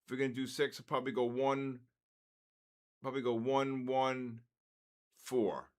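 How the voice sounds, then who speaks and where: An older man in his sixties talks casually on a live trading stream. His pitch sits in an ordinary middle range. He drifts between friendly anecdotes and quick market calls. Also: steady tone. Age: 60s. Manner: loose, chatty, jumps between storytelling and market calls.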